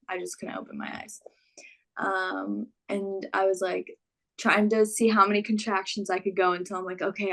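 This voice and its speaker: A young woman casually telling her own story in a relaxed, chatty way full of fillers. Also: medium pitch, vocal fry.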